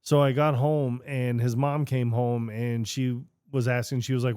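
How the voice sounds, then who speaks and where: A man co-hosting a podcast, chatting casually and doubling down with stubborn, deadpan insistence. His voice sits at a middling pitch, recorded dry and close with no room sound. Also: normal speed, hardly any pauses, smooth, dry recording. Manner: stubborn, deadpan storytelling with swearing. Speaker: podcast co-host. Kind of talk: casual chat.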